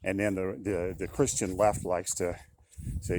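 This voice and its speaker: A man's voice: low voice, level tone, measured pace, a little mellow, slight background noise. An older man talking casually in a monologue, often repeating himself and turning indignant. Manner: conversational, repetitive, indignant. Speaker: commentator.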